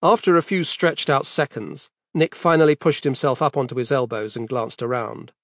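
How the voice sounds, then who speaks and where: A man reads a horror story aloud in a steady, measured way. His voice sits in a middle pitch range. The recording is dry and close, with no room echo. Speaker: narrator. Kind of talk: scripted horror story narration.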